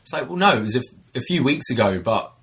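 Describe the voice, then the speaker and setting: A man's voice: fast talker, gravelly. A man, co-hosting a casual chat, telling a story and acting out the people in it. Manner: animated storyteller, acts out customers in high voices. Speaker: podcast co-host, bartender.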